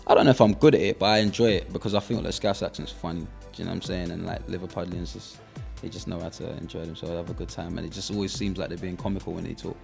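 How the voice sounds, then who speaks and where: A young man with a South London accent, a rapper being interviewed in relaxed casual chat, filling pauses with "you know". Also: low-pitched, gravelly, faint music behind. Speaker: rapper guest.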